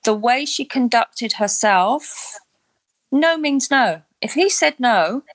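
Speaking slowly in an expressive voice on the high side, a woman who isn't from Australia co-hosts a podcast about a reality show. Her chat is casual, opinionated and self-deprecating, and the recording is dry.

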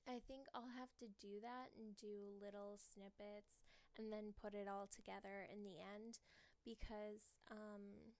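A woman's voice: medium pitch, level tone, measured pace, a little mellow, no echo. A young woman hosting a podcast, chatting casually in a rambling way with frequent giggles, fillers and restarts. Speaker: podcast host. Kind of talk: casual chat.

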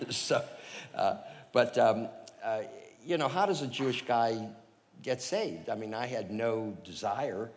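A man preaching and telling his own conversion story, animated and chuckling, with lots of fillers. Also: medium pitch, slow pace, long reverb tail. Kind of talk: personal testimony storytelling.

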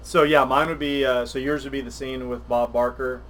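An older man, chatting on a podcast livestream, rambling and animated with many restarts. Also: mid-range voice, moderate pace. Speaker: podcast co-host. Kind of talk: casual chat on a livestream.

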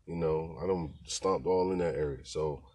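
Low-voiced guy telling a story, slangy and laid-back, keeps going "you know what i'm saying". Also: moderate pace, darkish tone, husky, no echo. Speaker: podcast host telling rideshare stories. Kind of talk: casual storytelling.

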